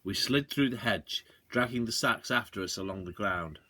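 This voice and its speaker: A man's voice: on the low side, normal speed, sharp tone, slightly rough. A male teacher reading a children's novel aloud expressively, shifting between character voices. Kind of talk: storybook read-aloud.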